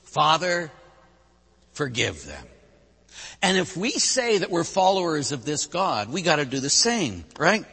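A man, a Catholic priest preaching a sermon, swinging between loud bursts and hushed drops. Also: a little high, sing-song, normal speed, few pauses, slightly rough. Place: church. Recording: long church reverb.

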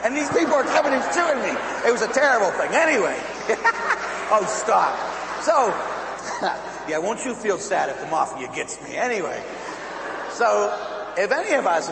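A male priest telling a story in a sermon, laughing often and dropping to a hushed voice, from Pittsburgh. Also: high-pitched, gravelly. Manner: animated, laughing storyteller who drops to a hushed voice. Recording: echoey hall with faint hum.

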